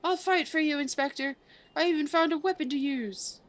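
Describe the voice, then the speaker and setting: A woman's voice: sits high, moderate pace, voice pushed up, natural voice. A woman voicing an eager young girl sidekick in a game, reading her lines aloud.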